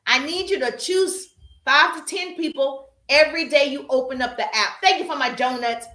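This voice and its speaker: A woman's voice: high-pitched, normal speed, bright, forceful tone, echoey room. A woman coaching viewers on a live stream, talking emphatically, repeating herself and calling them "baby" and "pretty people". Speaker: social media coach hosting a live stream. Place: livestream while working out.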